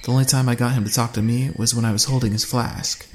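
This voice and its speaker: A man narrating a first-person fantasy audiobook in a steady storytelling manner. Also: mid-range voice, fast talker, slight background noise.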